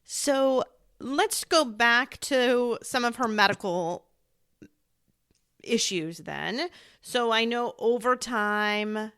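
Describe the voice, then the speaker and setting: A woman's voice: a little high, drawn-out words, smooth. A woman hosting a podcast interview, listening closely and guiding the talk. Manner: warm listener, frequent soft affirmations. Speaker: podcast host.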